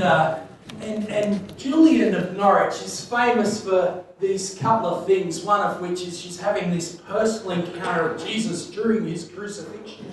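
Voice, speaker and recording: A man preaching a sermon, telling a story with laughter and swinging between loud bursts and hushed moments. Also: sits high, very echoey, far from the mic, slight background noise, rough recording. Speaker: pastor.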